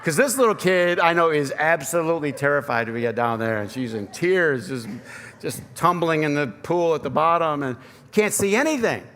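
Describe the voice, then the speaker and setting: This pastor, a man in his thirties with a Michigan accent, delivers a chatty, self-deprecating sermon built around personal anecdotes. His fairly high, fairly bright voice has lively intonation and a moderate pace, with long church reverb and faint ambience around it.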